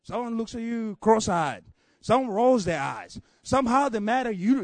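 A man preaching a sermon with passion, building repeated refrains up to shouts and dropping low to tell a story. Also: lively intonation, normal speed, dry recording. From Africa.

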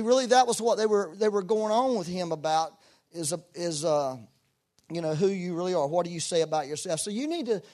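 A man preaching a sermon in a folksy, emphatic way, with loud bursts and joking asides. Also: high voice. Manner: folksy, self-deprecating asides.

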